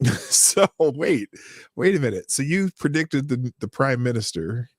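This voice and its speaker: Male live-stream host, animated rambling delivery, dry sound. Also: mid-range voice, a little slow, dry recording. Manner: animated, rambling, laughs often. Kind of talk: casual live-stream chat, greeting viewers.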